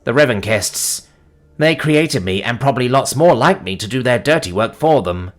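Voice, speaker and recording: A man voicing a young woman clone who talks in a hesitant, halting way. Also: medium pitch, big pitch swings, fairly bright tone.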